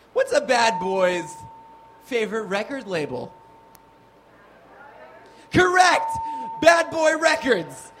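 A man's voice: high-pitched, a little hiss or hum, heavily acted. A man playing a cocky, self-styled bad-boy stand-up comic with a put-on New York accent. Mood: shouting. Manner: cocky, shouting, fake tough-guy act.

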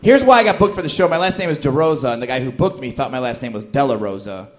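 A man's voice: mid-range voice, animated, fast talker. A male comedian doing loose, joking banter with plenty of fillers and laughter. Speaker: stand-up comedian, guest. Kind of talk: comic banter and stand-up bit.

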